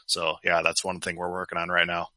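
Bright easygoing male guest. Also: sits low, completely flat delivery, brisk, dry recording. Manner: easygoing, self-deprecating. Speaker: podcast guest, gear company owner. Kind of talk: casual chat.

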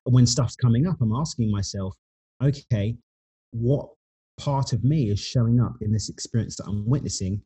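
Man, podcast guest, raspy breathy voice, warm dark tone, reflective pace. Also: medium pitch. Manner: thoughtful, unhurried, searching for words. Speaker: podcast guest, author and speaker. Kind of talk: reflective spiritual conversation.

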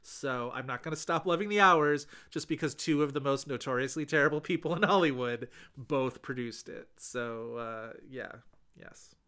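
A man co-hosting a casual film podcast, animated and enthusiastic. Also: medium pitch, normal speed, clean tone. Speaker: podcast co-host.

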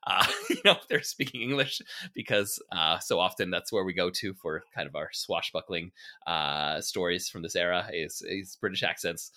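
A man's voice: sits low, moderate pace, sharp tone. A man as a podcast guest, chatting thoughtfully with lots of ums and restarts. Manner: thoughtful, many fillers and restarts. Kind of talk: casual chat.

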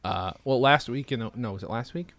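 A man's voice: medium pitch, a little fast, a bit bright. A man co-hosting a podcast, rambling casually over drinks with fillers and swearing. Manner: rambling, profane, lots of fillers. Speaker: podcast co-host. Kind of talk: casual chat while drinking. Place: Los Angeles.

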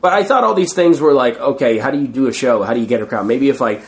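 A middle-aged street performer, speaking at a medium pitch and a quick pace, rambles through stories as a guest in a casual interview. He acts out the voices of the people he quotes.

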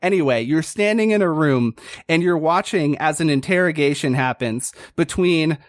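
A man's voice: fairly high pitch, normal speed, no room sound, clean studio sound. A young man narrating as a game master in a casual, giggly way with lots of fillers.

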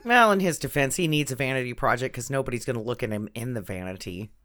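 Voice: medium pitch, animated, fast, fairly bright tone. Wisecracking podcast co-host. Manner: wisecracking, crude joking asides. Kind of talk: casual comedic chat.

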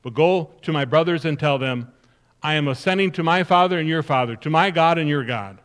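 A male pastor reading scripture aloud in a measured, emphatic way during a sermon. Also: fairly high pitch, a bit bright, clean tone, big-room sound.

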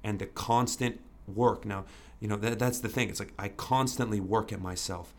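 A man's voice: on the low side, fairly even intonation, moderate pace, darkish tone. A young man, a podcast guest, telling his story in an earnest, candid way, full of "you know" and restarts.

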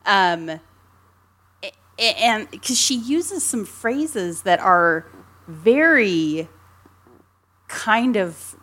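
A woman's voice: medium pitch, expressive, drawn-out words, pauses often, fairly bright tone. A woman co-hosting a casual film discussion, chatty and rambling, giggling often between her points. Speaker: podcast co-host.

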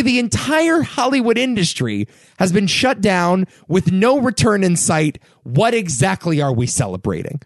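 A young man hosting his own podcast, talking casually and getting worked up into animated rants about pop culture. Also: normal speed, no echo, studio quality. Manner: animated, ranting, rising pitch when worked up. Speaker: podcast host. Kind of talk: casual solo podcast commentary.

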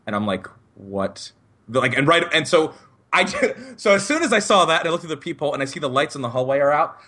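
A young man on a podcast telling a long story in a casual, animated way, often laughing as he talks. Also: medium pitch, slightly rough. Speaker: podcast co-host.

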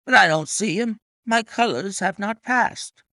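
A man's voice: mid-range voice, sing-song, moderate pace, fairly bright tone, dry recording, clean studio sound. A man voicing an angry, agitated old racehorse-owning colonel who blusters indignantly.

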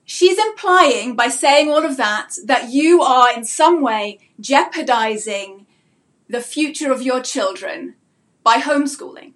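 A woman's voice: high voice, animated, takes it slowly, fairly bright tone. A woman mentoring homeschooling parents in a live-streamed talk. She speaks earnestly and asks many rhetorical questions.

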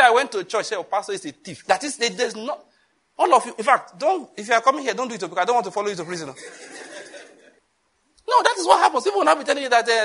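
A man with a Nigerian accent preaching a sermon, animated, acting out voices and laughing often. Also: high voice. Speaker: pastor.

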